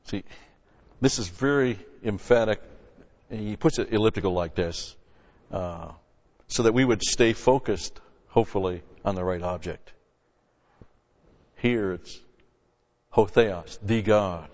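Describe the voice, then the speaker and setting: A man preaching an expository sermon from a Bible passage, emphatic, with loud stressed words and quiet asides. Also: deep voice, unhurried, long pauses. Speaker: pastor. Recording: lo-fi recording with long hall reverb.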